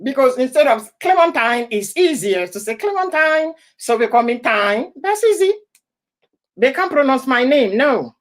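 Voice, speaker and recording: A woman's voice: sits high, sing-song, moderate pace. A woman from Ivory Coast hosting a casual live stream, often laughing and greeting viewers by name. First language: an Ivorian language.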